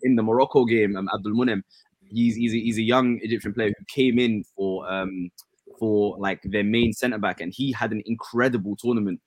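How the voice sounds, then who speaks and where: A man, co-hosting a casual sports chat, earnest and relaxed, with many fillers. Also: fairly low pitch, moderate pace, dry recording. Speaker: podcast co-host.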